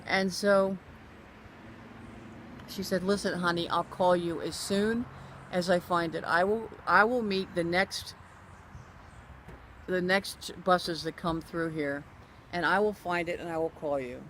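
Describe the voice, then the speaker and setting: A woman telling a personal story in a casual spoken way, animated and acting out what other people said, often restarting and correcting herself. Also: fairly low pitch, a little slow, long pauses, a little hiss or hum. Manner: animated, acts out other people's quoted lines; frequent restarts and self-corrections.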